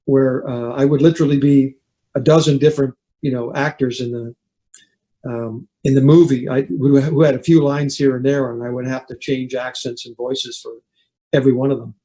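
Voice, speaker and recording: A Canadian man whose first language is French talks as a show guest, his voice dark and relaxed at a middle pitch. He rambles easily, restarting phrases and filling with "you know.". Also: moderate pace, poor audio. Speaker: guest singer. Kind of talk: casual interview chat.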